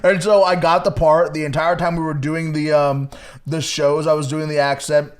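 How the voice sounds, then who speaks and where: Profane, laughing young comedian guest. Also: male voice, a little high, little pitch movement, moderate pace. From Connecticut, USA. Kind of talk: casual podcast chat.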